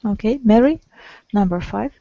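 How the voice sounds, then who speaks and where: A woman's voice: medium pitch, expressive, moderate pace, vocal fry, warm tone, no echo, muffled recording. A woman teaching an English lesson to a small group, patiently prompting and correcting her students. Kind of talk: online group language lesson.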